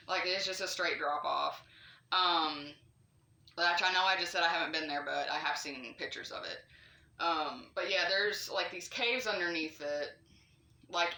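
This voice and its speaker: A woman's voice: on the low side, roomy sound. Chatty woman telling a scary story. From North Carolina. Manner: chatty and animated, with swearing, fillers and asides. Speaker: vlogger. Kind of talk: casual storytelling to camera.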